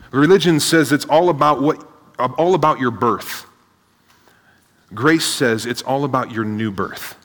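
A man preaching a sermon to a seated audience, energetic, asking rhetorical questions and often adding "right?". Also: medium pitch. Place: large hall with a live audience. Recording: long hall reverb.

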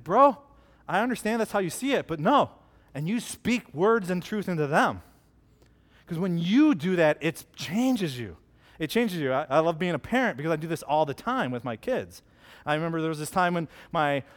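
A man's voice: high-pitched, fairly bright tone. A man in his thirties preaching a conversational sermon, earnest and direct, telling stories from his family life.

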